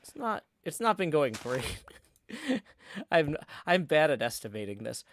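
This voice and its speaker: A man's voice: on the high side, very animated, a little slow, fairly bright tone. A middle-aged man casually chatting on a live stream call, rambling and self-deprecating. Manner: rambling, self-deprecating, frequent restarts and fillers. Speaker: streamer hosting a group chat. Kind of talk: casual chat.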